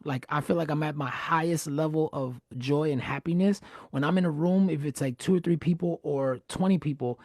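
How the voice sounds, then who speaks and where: A man with a somewhat high voice and a gravelly edge talks animatedly as the host of a casual live-streamed chat. He often doubles words when he gets going. The sound is dry and close, with no room around it. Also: brisk, darkish tone, no echo.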